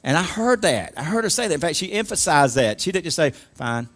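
High-voiced emphatic preacher. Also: male voice, sing-song, a little fast, hardly any pauses, a bit bright. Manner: emphatic call-and-response preaching. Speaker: pastor. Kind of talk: sermon.

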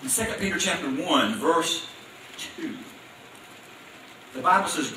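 A preacher delivers a sermon in a very echoey church, his high, piercing voice pushed and bright, bouncing off the walls. Standing far from the mic over a faint hum, he is very animated yet a little slow, pausing often as he drives points home with pointed questions and call-and-response.

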